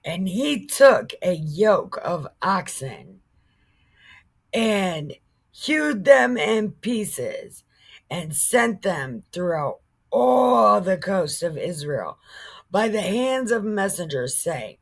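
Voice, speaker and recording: A woman retells scripture in a profane, joking way, often stumbling over names and words. She talks very slowly, and her pitch swings widely. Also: big pitch swings, vocal fry, slightly rough. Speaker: Bible storyteller. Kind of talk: irreverent casual retelling of scripture.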